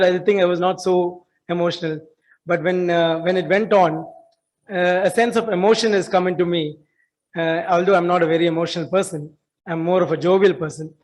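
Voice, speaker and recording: A man in his forties with an Indian English accent, giving an earnest welcome speech in an auditorium, halting with fillers and restarts. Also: high voice, a little mellow, rough recording. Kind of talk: formal welcome speech at an alumni meet.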